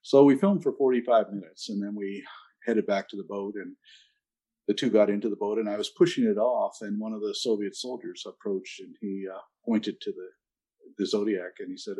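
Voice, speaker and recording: An older man telling stories in an interview, measured and anecdotal with a dry sense of humor. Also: lowish voice, fairly even intonation, mellow. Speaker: interview guest, ocean activist. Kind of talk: storytelling interview answers.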